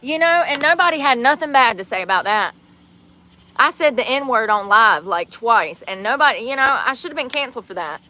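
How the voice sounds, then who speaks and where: A woman's voice: fairly high pitch, lively intonation, a little fast, pushed and bright. A woman livestreaming outdoors on the street, chatting casually and rambling to her viewers.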